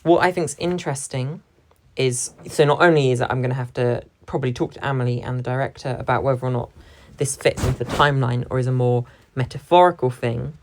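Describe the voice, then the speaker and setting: A young woman with a low voice talks through how lines in a scene are divided between performers. She stops to quote lines and presses hard on single words. Her tone stays thoughtful and analytical. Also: steady tone, fast talker, a little hiss or hum. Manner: analytical, stresses key words when quoting lines. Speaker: drama performer. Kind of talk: reflective talk about a stage scene.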